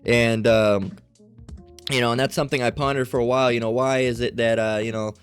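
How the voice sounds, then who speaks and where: A man's voice: medium pitch, steady tone, brisk, clear, resonant tone, faint music behind. A man giving a rambling religious commentary monologue in a mocking tone, often checking in with "all right?".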